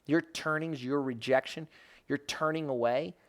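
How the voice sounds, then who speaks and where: Gravelly-voiced man teaching scripture. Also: on the high side, fairly even intonation, normal speed. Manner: earnest, rising to emphatic questions, self-correcting. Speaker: rabbi. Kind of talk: devotional Bible teaching.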